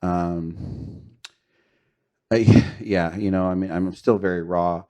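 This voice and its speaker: A man's voice: low voice, flat delivery, slow, darkish tone. A middle-aged man telling his personal story of relapse and recovery as a podcast guest, earnest and confessional, with fillers and short laughs. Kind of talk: candid personal testimony.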